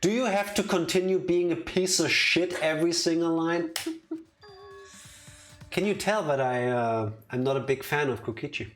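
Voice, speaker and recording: A man's voice: fairly high pitch, sing-song, a little slow, faint music behind. A man who learned English as a second language, co-hosting a let's play with casual, joking gaming chat. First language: not English. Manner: joking, teasing.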